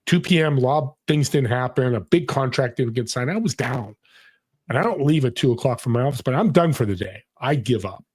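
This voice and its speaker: Speaking a little fast, this middle-aged podcast guest has a medium-pitched, slightly mellow voice with a breathy edge and lively intonation. He tells a personal story conversationally, earnest and motivational, voicing the people he quotes.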